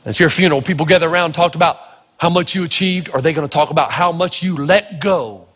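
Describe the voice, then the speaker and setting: A pastor from Tennessee tells stories during his sermon, acting out dialogue in raised voices like an animated storyteller. He's a fast talker with a fairly high, breathy-edged voice, recorded with long hall reverb.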